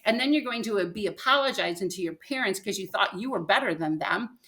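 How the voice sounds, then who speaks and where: On a podcast, an older guest recounts something from her own life with lots of animation, voicing what people said. Her pitch is medium and her pace a little fast.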